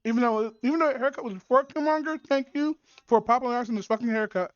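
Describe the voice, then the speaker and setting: A woman's voice: fairly high pitch, quick pace, dry recording. A woman streamer chatting casually while reacting to videos, swearing often and rambling with many fillers. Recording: dull, dry muffled audio.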